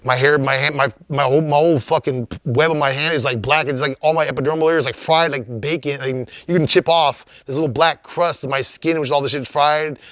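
A man's voice: a little high, steady tone, fairly quick, few pauses, fairly bright tone, dry recording. A man telling a story as an interview guest, in a rambling, profane, laid-back way.

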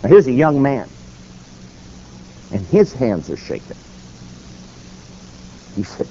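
A man's voice: slow, long pauses. A man preaching, telling a story and acting out the quotes. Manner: animated, acts out quotes with shifting pitch. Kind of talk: sermon storytelling. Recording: slightly dull recording with faint noise.

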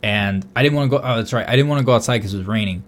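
A young man casually telling a long story on a podcast, swearing often and getting loud when he quotes himself. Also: medium pitch, racing. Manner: animated, swears a lot, loud bursts when quoting himself. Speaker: podcast co-host.

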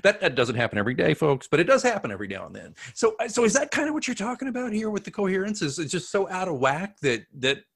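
A man's voice: high-pitched, sing-song, fast talker, creaky, few pauses, a bit bright, slightly rough. Rambling man hosting an interview. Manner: rambling, many restarts and "you know". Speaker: host, communications advisor. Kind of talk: interview hosting, casual chat.

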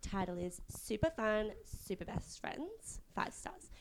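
A woman's voice: mid-range voice, sing-song, takes it slowly, noisy background. Woman doing a gushing party girl. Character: young woman, breezy and gushing.

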